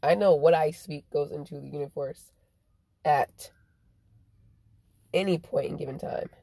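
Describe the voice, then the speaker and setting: A woman delivers a profane, rambling monologue, stretching some phrases out slowly and rushing through others. Her voice sits on the low side, and the recording is dry and close, with no room sound. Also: creaky, warm tone, no room sound. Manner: swears constantly, swings from drawn-out slow phrases to rapid bursts. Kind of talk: profane stream-of-consciousness monologue.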